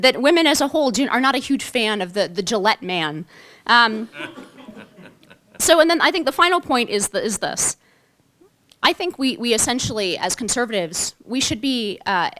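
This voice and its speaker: A woman's voice: mid-range voice, fairly bright tone. Female panelist, earnest and argumentative, prepared remarks with fillers. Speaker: policy analyst panelist. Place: club meeting room, audience present.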